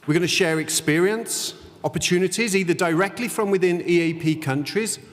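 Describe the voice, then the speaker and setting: A man's voice: high voice, brisk. A man moderating a conference panel in an informal, light-hearted way, in a windowless conference room. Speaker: session moderator. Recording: long hall reverb.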